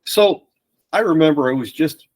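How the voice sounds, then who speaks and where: A man's voice: a little high, normal speed, rough recording. A man, a podcast guest telling stories in casual chat and acting out other people's lines. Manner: animated anecdotes with quoted voices.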